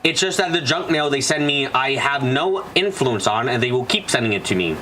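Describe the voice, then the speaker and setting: Man, let's-play streamer, bright voice, foul-mouthed ranter who talks back to chat. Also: mid-range voice, animated, brisk, a little hiss or hum. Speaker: gaming streamer. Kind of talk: casual let's-play commentary.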